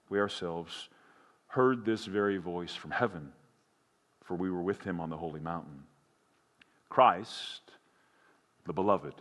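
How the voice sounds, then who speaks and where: A man's voice: deep voice, measured pace, long pauses, fairly bright tone. A man preaching a sermon as pastor, earnest and building to impassioned emphasis. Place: church sanctuary. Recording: long hall reverb.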